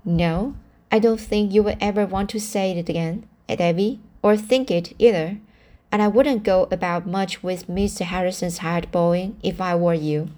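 A woman reading aloud as a gentle, patient young woman who asks soft, kind questions. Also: lowish voice, steady tone, moderate pace, close to an everyday voice.

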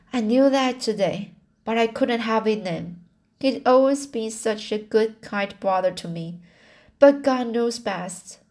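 A woman reading aloud and voicing a stern older woman softened by grief, speaking plainly and earnestly from a storybook. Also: on the high side.

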